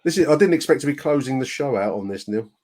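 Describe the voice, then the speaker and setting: Chatty older podcast host. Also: male voice, mid-range voice, lively intonation, fast talker, a little mellow. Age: 60s. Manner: chatty, laughs often, fumbles foreign words. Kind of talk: casual chat.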